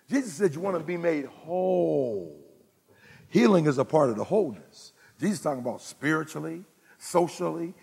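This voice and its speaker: A male pastor preaching an animated sermon, swinging between low murmurs and loud, excited exclamations. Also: creaky, breathy edge, long reverb tail. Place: church sanctuary.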